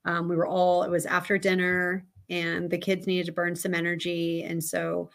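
A woman in her thirties speaks as a podcast guest, her voice sitting a little low. She talks candidly and reflectively, telling a story in an easy conversational way. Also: monotone, normal speed, creaky. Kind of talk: casual interview conversation.

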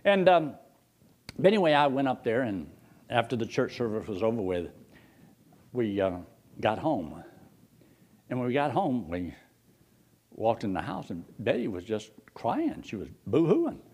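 Older man, preacher, folksy sermon storytelling, husky voice, lively pitch. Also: a little slow, pauses often. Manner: folksy, animated, jumps high when excited, drops low for quotes.

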